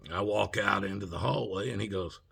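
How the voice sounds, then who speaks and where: A man's voice: lowish voice, brisk, vocal fry, slightly rough. A man, telling a personal story casually and acting out both sides of an argument. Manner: animated retelling, acts out both sides of the argument. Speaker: vlogger.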